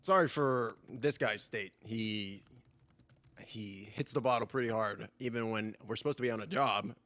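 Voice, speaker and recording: A man's voice: fairly low pitch, moderate pace, fairly bright tone, no echo. A man narrating a tabletop game as game master in a rambling way, full of fillers and repeated words.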